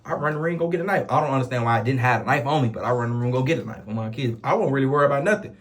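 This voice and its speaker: Fast-talking Chicago man telling a story. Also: mid-range voice. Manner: rapid, animated street slang with repeated oaths. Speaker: storyteller vlogger. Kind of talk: casual storytelling.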